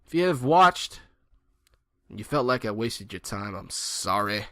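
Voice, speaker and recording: A man's voice: fairly low pitch, expressive, measured pace, bright, forceful tone, dry recording, clean studio sound. A man in his twenties giving rambling, joking gameplay commentary and mocking himself. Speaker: gaming channel host.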